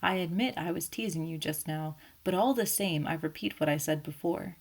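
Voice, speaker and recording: A woman voicing an elderly, fussy male Belgian detective, speaking gently and ironically in an audiobook. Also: sits low, normal speed. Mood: ironic, teasing. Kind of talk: audiobook character voice.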